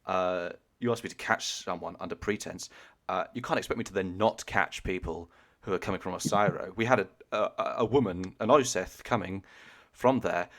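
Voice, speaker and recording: Weary plague catcher, sardonic and fed up, a deep-voiced man doing him, heard over a video call. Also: moderate pace, a bit bright. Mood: exasperated. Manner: dry, fed-up retorts.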